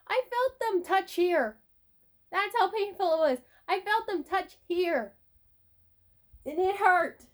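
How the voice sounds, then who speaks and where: A young woman vlogger telling personal stories in a casual, animated way, swearing now and then. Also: high voice. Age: young adult. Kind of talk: casual storytelling vlog.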